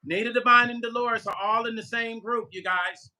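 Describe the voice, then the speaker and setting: A man's voice: extremely high pitch, steady tone, moderate pace, bright, forceful tone. An older man vlogging live and chatting loosely with viewers, joking and talking straight to his chat. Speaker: musician vlogger. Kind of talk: casual livestream chat reading viewer comments.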